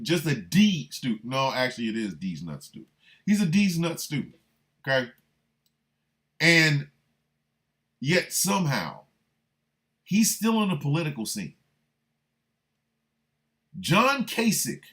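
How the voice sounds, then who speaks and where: A man hosting a livestreamed radio talk show, riffing in a loose comic way and shouting out listeners by city. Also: medium pitch. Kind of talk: livestreamed political comedy talk.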